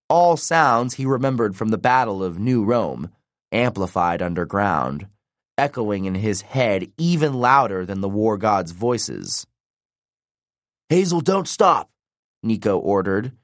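A man with a low voice reads the audiobook slowly and deliberately, letting his pitch rise and fall with drama. The sound is close and dry, with no room echo at all. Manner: expressive, dramatic reading. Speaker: audiobook narrator. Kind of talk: scripted narration.

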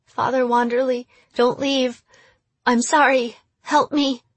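A woman's voice: mid-range voice, breathy edge, no echo, natural voice. A woman voicing a mocking teenage girl who acts possessed and fires sly questions. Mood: pleading. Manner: taunting, sly, rapid questioning.

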